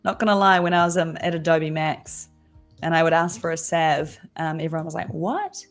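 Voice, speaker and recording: Chatty woman designer, low voice, music behind. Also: little pitch movement, fairly quick. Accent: Australian-sounding but not Australian. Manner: chatty, thinks aloud while working. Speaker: designer guest. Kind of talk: casual livestream tutorial.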